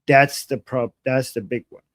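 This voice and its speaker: A man from Iran talks politics on a live stream in a lively, explanatory way. His voice sits in a middle pitch. The recording is dry, with no room sound. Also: normal speed, no echo. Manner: animated, explanatory, enthusiastic. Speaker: political analyst co-host.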